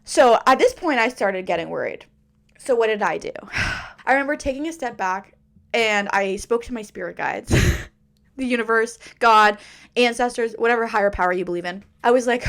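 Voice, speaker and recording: A woman hosting a casual storytime podcast, telling a story with an animated, dramatic delivery. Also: fairly high pitch, moderate pace, creaky. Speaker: podcast host.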